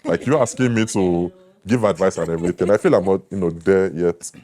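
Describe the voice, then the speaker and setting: Very deep-voiced confident Nigerian man. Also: brisk, warm tone. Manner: confident, boastful, emphatic. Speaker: food critic guest. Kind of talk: casual interview talk.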